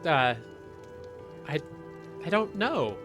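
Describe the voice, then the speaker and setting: Guy voicing a nervous mom in her late 40s, keeps apologizing and stumbling, voice pushed up high. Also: very animated, extremely slow, over music, exaggerated voice. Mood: flustered. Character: meek apologetic human mother in her late forties.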